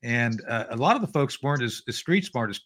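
Casual male co-host, wry asides, halting restarts. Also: medium pitch, expressive, a bit bright. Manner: joking asides, stumbling restarts. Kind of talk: casual podcast talk.

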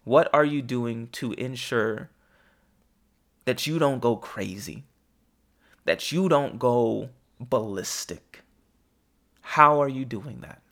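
A man hosting a devotional podcast who asks earnest, pointed questions and then leads a quiet prayer. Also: mid-range voice, creaky. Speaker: podcast host.

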